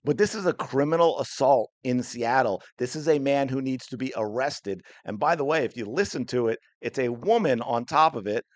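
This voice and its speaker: A man's voice: mid-range voice, expressive, moderate pace, few pauses, no echo. A man hosting a sports podcast, delivering heated, indignant commentary in an angry rant. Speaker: podcast host.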